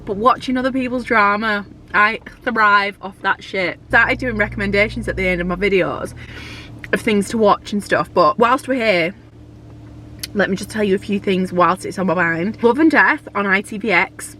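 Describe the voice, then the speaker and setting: A woman's voice: mid-range voice, moderate pace, pushed and bright, slight background noise. A young woman, heavily pregnant, chatting casually and gushing in a vlog, with the odd swear. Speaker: vlogger.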